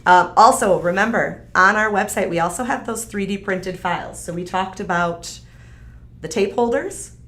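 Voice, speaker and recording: This live-stream host speaks at a normal speed in a medium-pitched, fairly bright voice. She's casually demoing a craft kit, upbeat and talkative, dropping fillers often.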